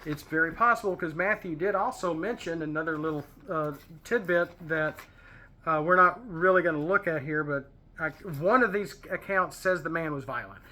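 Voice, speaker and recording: A man's voice: on the high side, normal speed, bright, forceful tone. A man hosting a casual Bible study, reading verses and explaining them in a chatty, digressive way with pop-culture asides.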